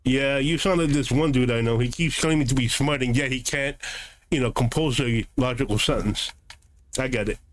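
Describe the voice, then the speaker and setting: A man's voice: medium pitch, moderate pace, a little hiss or hum. Sarcastic man scolding his chat. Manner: combative, sarcastic, lecturing. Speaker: game streamer. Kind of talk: live-stream chat reply.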